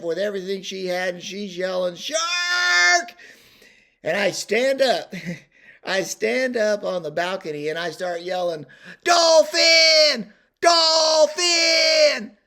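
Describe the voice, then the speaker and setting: A man in a casual storytelling vlog, rambling in a folksy way, with lots of fillers and restarts. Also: sits high. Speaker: storyteller host.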